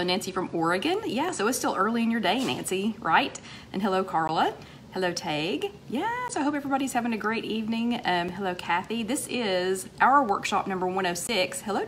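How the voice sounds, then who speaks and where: A woman's voice: medium pitch, slight background noise. Upbeat woman hosting a livestream chat. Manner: chatty, upbeat, lots of fillers and shout-outs. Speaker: host of a weight-loss livestream chat. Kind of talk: casual livestream chat greeting viewers.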